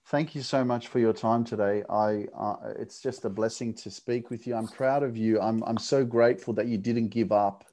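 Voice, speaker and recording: A man's voice: mid-range voice, steady tone, normal speed, few pauses. A man hosting a podcast, closing an interview and signing off in an encouraging way with many fillers. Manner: warm encouraging sign-off with fillers. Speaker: podcast host. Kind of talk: interview wrap-up and show outro.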